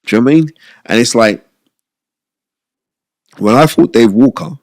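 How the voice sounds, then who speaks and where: A man's voice: mid-range voice, moderate pace, darkish tone, dry recording, clean studio sound. A middle-aged man, a former boxer, telling stories in a casual interview and checking in with frequent "you know what I mean?" asides. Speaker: former boxer, podcast guest.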